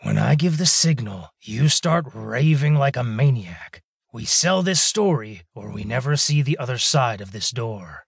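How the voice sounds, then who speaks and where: A man voicing a gruff male wolf-like alien smuggler who growls and blusters in street slang. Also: medium pitch, very animated, unhurried, no echo, clean studio sound, full character voice. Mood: urgent.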